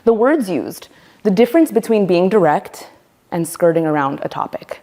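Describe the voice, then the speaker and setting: Woman, workshop teacher, slightly low voice, animated, mimics quoted voices. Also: moderate pace. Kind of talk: workshop lecture.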